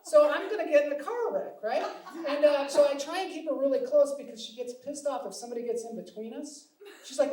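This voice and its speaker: A man's voice: extremely high pitch, fast talker. A middle-aged man from Seattle doing a stand-up comedy set, wry and self-deprecating, acting out bits of dialogue. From Seattle, USA. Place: live comedy stage with audience. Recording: echoey room, distant mic, audience noise.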